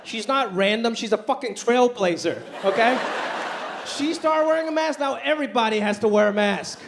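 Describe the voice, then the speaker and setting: A man performing a stand-up comedy routine on a club stage, talking in an animated way and acting out the voices he quotes. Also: extremely high pitch, moderate pace, vocal fry. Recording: live club recording with crowd noise. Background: audience laughter.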